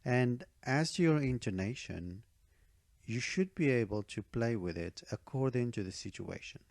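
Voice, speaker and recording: A man's voice: medium pitch, expressive, normal speed, gravelly, darkish tone, dry recording, clean studio sound. A man teaching speaking-test tips in an online tutorial, emphatic, repeating key advice and checking in with "okay?" and "all right?".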